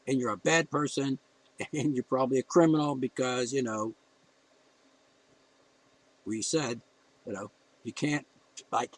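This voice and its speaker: A man's voice: medium pitch, no room sound, low-quality recording. A man ranting in a blunt, heated opinion monologue as a podcast host, cursing freely and getting emotional.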